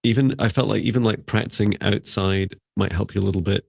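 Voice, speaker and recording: Deep gravelly male psychic mentor. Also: fairly even intonation, fairly quick, no echo. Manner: gentle, rambling advice with many fillers. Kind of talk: live-stream psychic reading.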